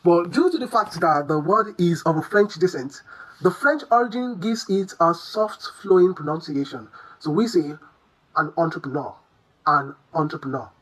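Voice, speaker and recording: An English pronunciation teacher giving a lesson, who quizzes the listener with questions and repeats each word slowly and deliberately. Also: mid-range voice, animated, low-quality recording.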